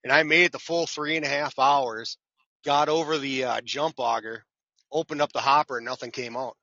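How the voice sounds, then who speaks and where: A man's voice: medium pitch, moderate pace, gravelly, no echo, dull audio. A man, a truck driver guest on a podcast, telling self-deprecating stories in casual chat and acting out the people in them. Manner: self-deprecating, animated storyteller who acts out quotes. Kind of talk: casual storytelling interview.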